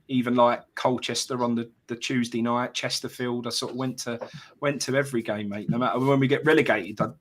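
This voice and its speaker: A man's voice: medium pitch, a bit bright. A man, co-hosting a live fan stream and telling rambling stories full of fillers and "mate". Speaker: fan channel co-host. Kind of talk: casual live-stream chat.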